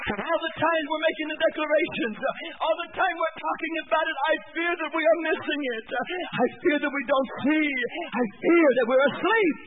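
A middle-aged man preaching a revival sermon in church, with emphatic repetition that builds to shouts. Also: very high voice, normal speed, few pauses, over music. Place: church service. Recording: narrow phone-like lo-fi recording. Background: musical instrument playing.

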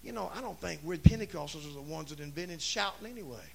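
A man preaching a Pentecostal revival sermon, shouting in rising bursts. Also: fairly high pitch, lively intonation, fast, vocal fry. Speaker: pastor.

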